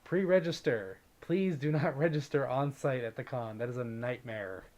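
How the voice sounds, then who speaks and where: A man's voice: mid-range voice, moderate pace, darkish tone. A man hosting a casual livestream, chatting and reading viewer comments aloud in an upbeat way, greeting viewers by name. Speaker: livestream host.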